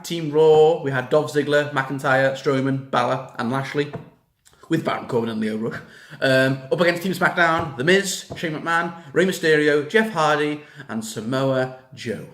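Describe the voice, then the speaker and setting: A young man ranting casually about a wrestling show in a reaction vlog, excitable and swearing freely. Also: fairly high pitch. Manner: excitable, swears a lot, rants. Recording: echoey room.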